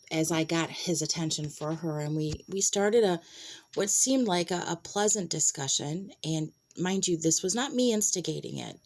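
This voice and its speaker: A middle-aged woman talks straight into a handheld camera, retelling a run-in in a loose, chatty way. Her voice sits a bit low for a woman. Now and then she slips into hushed asides before picking the story back up. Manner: chatty, retells conversations and drops into whispered asides. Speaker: vlogger.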